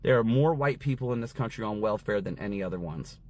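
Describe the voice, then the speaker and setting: A man's voice: lowish voice, lively intonation, fast talker, a little hiss or hum. A man ranting straight to camera on social media in a heated, sarcastic, preachy way. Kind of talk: casual rant to camera. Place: outside a store.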